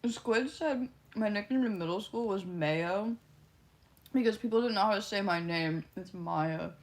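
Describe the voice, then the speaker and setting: A woman's voice: medium pitch, a little slow. A young woman streaming live, reading out viewer comments and replying in a teasing way, laughing a lot. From Canada. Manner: giggly, teasing, often laughing between lines. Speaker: livestreamer.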